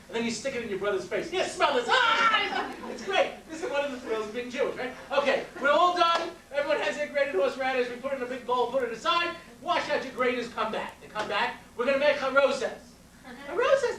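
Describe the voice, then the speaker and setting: A man from Long Island, New York, giving a storytelling lecture as a rabbi and educator, constantly checking in with his listeners. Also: very high voice. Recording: roomy, distant mic with faint noise.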